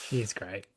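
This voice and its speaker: Slow, dry-talking man. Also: a little mellow. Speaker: podcast guest. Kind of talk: casual podcast chat.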